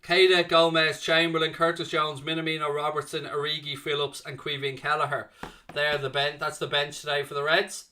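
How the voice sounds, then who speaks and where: A young man with a fairly high, brisk voice hosts a live fan watchalong, with slight background noise audible. He delivers excitable play-by-play, chats with viewers, and reads their messages out loud.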